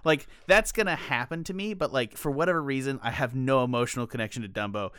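A man in casual film chat, lively, profane and self-mocking, recorded close in a dry room. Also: medium pitch, fast, smooth, no room sound.

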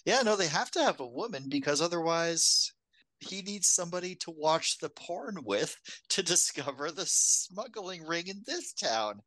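A co-host talks through a film plot on a relaxed podcast, mid-range in pitch. The humor is wry, and laughter comes easily. The recording is dry, with no room sound. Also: normal speed, no room sound. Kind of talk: casual film discussion.

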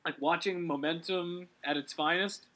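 A man hosting a relaxed gaming commentary, rambling and correcting himself as he talks, with quick laughs. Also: a little high. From Canada. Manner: rambling, self-correcting, giggly. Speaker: let's play host.

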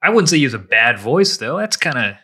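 Bright-voiced man co-hosting a podcast. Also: mid-range voice, big pitch swings, a little fast, husky. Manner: playful, jokey, teasing. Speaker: podcast co-host. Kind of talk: casual church podcast chat.

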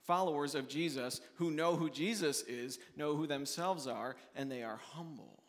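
Pastor preaching in a reverberant hall. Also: male voice, normal speed. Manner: earnest, restarts often, voices quoted questioners in a raised pitch. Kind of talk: sermon.

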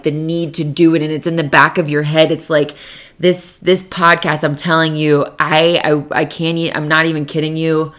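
A young woman hosting her own podcast alone, rambling and swearing freely, with lots of "like" fillers, into a podcast microphone. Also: deep voice. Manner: rambling and profane, with many "like" fillers. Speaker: podcast host. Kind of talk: casual solo podcast monologue.

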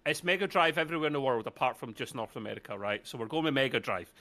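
A man co-hosting a casual chat, animated and joking, swearing freely. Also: medium pitch, quick pace. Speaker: podcast co-host.

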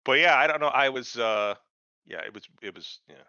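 A man co-hosting a casual podcast, chatting about a TV episode in a profane, animated way with mocking asides. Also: medium pitch, fairly quick, smooth, no echo. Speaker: podcast co-host. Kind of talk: casual chat reviewing a TV episode. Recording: dull lo-fi dry sound.

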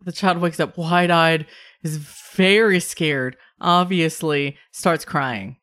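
A woman with a lowish voice narrates a tabletop scene as game master. She talks loosely, with a lot of fillers. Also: slow, fairly bright tone. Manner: casual, filler-heavy narration.

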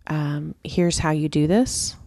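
A woman's voice: deep voice, takes it slowly, mellow, no room sound, clean studio sound. A woman co-hosting a parenting podcast, chatting earnestly and explaining with examples from her family life. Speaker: podcast co-host. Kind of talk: casual podcast chat.

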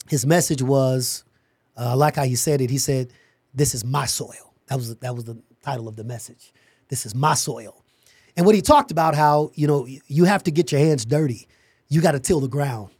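A middle-aged man, a podcast guest, telling an animated story about starting his company and acting out the dialogue. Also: mid-range voice, normal speed, husky, dry recording, studio quality.

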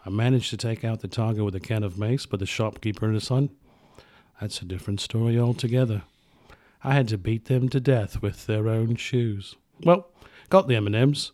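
A man's voice: on the low side, normal speed, darkish tone, no echo, clean studio sound, lightly acted. A man voicing a boastful male rock roadie telling a tall tale in a put-on British accent that drifts toward Australian. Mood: deadpan bragging.

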